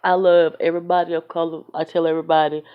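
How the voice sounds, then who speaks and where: A vlogger with a low, fairly flat, clean-toned voice talks fast as she delivers a blunt, emphatic, fed-up opinion rant into her phone in a casual, conversational style. The audio is dull, lo-fi phone sound.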